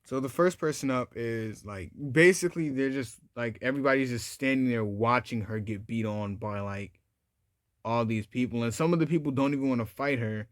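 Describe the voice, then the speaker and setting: A man's voice: mid-range voice, moderate pace, dry recording, studio quality. A man narrating a fan-made story in a casual, improvised way, rambling with a lot of "like" and restarts. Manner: rambling, heavy use of "like" and restarts.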